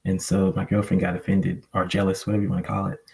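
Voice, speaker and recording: Man, panel guest. Deep, flat, gravelly voice; rambling, reflective storyteller. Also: fast talker, rough recording. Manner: rambling, reflective, many fillers. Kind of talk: personal storytelling on a live panel. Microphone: online call microphone.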